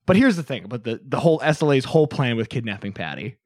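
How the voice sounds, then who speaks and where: A man's voice: medium pitch, very animated, darkish tone, no echo, clean studio sound. A man hosting a comedy podcast, telling a story in casual chat and laughing often. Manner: laughs often, quick put-on quotes.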